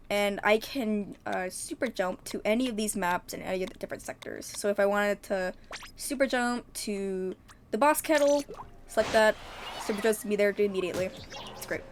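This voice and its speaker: A woman's voice: medium pitch, slight background noise. A woman streamer giving casual, upbeat gameplay commentary, chatty and full of ums.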